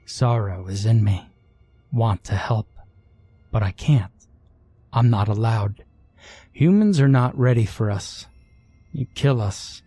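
A man voicing a sorrowful moth-like alien creature that talks slowly in short, broken phrases. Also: fairly low pitch, mellow, slightly rough, no echo, faint music behind. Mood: grieving. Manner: slow, clipped, broken phrases.

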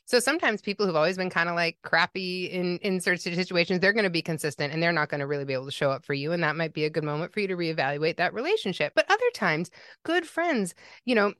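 Low-voiced woman counselor, lively. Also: quick pace, dry recording, clean studio sound. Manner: warm, animated, acts out quoted speech. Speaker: pet loss grief counselor. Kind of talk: podcast guest conversation.

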